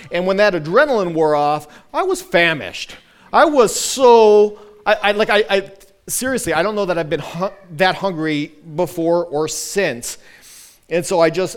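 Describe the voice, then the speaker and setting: Smooth-voiced pastor telling a story. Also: male voice, sits high. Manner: animated, self-deprecating storyteller with many restarts. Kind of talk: sermon storytelling.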